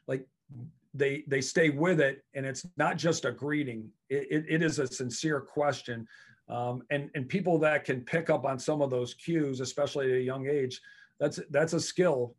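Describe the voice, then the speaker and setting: A male college coach speaks in a casual podcast interview, earnest and reflective. His voice sits at an ordinary middle pitch, and he often restarts phrases and repeats words while he searches for the right point. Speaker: head lacrosse coach, podcast guest.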